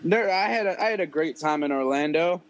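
A man's voice: on the high side, lively intonation, a little fast, low-quality recording. A young man telling stories in casual, profane chat, rambling and laughing often. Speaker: podcast guest musician.

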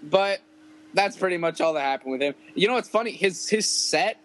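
A man's voice: sits high, lively intonation, a little fast, a bit bright, poor audio. A young man telling stories in casual, profane chat, rambling and laughing often. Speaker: podcast guest musician.

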